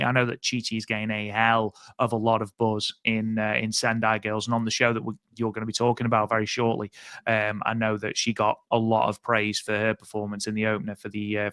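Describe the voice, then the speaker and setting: A man's voice: lowish voice, pushed and bright, clear, resonant tone, dry recording, studio quality. A man co-hosting a casual podcast, chatty and rambling, with many fillers and restarts. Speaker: podcast co-host.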